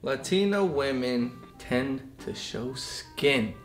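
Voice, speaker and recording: A young man co-hosting a couple's vlog, reading prompts slowly and teasing his partner. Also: medium pitch. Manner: teasing, reads lines slowly and deadpan. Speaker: vlogger co-host reading prompts. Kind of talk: casual couple reaction chat. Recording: echoey room with faint music.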